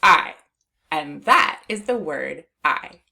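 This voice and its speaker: A woman's voice: fairly low pitch, sing-song, vocal fry, fairly bright tone. Encouraging woman teaching phonics. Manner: patient, encouraging, stretches words and sounds out slowly; laughs lightly between steps. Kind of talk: slow, clear phonics lesson for young children.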